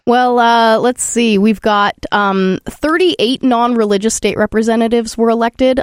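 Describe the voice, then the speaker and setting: A woman from the hosting a casual discussion, chatty and quick to laugh, with many fillers. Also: on the high side, smooth, dry recording. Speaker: podcast host.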